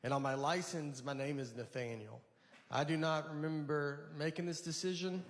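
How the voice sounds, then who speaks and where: A man performing a stand-up routine, telling rambling stories in a halting, deadpan way. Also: fairly high pitch. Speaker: stand-up comedian. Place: large venue with a live audience. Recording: live stage mic in a reverberant hall with audience noise. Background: audience laughter.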